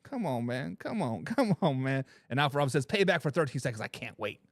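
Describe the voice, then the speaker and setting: A man's voice: mid-range voice, sing-song, a little fast, no echo, studio quality. A man hosting a casual sports talk stream, reading viewer comments aloud in a laid-back way, laughing often and repeating his catchphrases. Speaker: sports talk show host.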